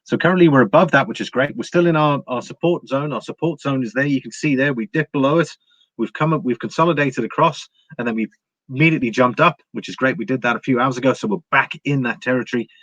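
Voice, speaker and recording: A man's voice: mid-range voice, quick pace, a bit bright, no echo. An English man hosting a casual livestream about precious metals, chatty and full of fillers, greeting viewers by name as he reads the chat. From England. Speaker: livestream host. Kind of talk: casual live-chat market commentary. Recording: dry, slightly dull home recording.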